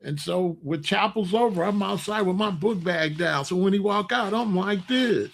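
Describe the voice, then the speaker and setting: A man's voice: sits high, moderate pace, creaky. A middle-aged man hosting his own commentary channel, talking in a casual opinion monologue and telling stories with sound effects and mock voices.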